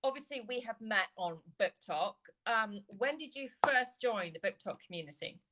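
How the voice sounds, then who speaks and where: A woman with an English accent, hosting a casual chat with an author, chatty and quick to agree. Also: a little high, lively intonation, heavy background noise. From England, with childhood years in California. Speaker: host interviewing an author. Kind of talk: casual video-call chat.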